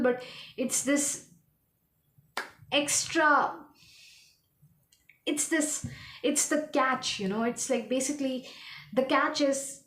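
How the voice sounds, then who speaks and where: High-voiced woman rambling through a tarot reading. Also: roomy sound. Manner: rambling, halting, searching for words. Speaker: tarot reader. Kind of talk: casual tarot reading monologue.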